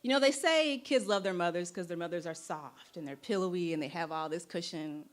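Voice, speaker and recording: A woman, telling a personal story on stage and acting out voices with big jumps in pitch. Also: brisk. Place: bar stage before a live audience.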